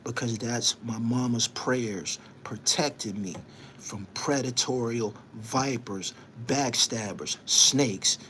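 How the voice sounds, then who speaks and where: A man's voice: medium pitch, slow pace, fairly bright tone, a little hiss or hum. Heated man scolding on a live stream. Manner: emphatic, repetitive, scolding; preachy, invoking faith. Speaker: host of an online show.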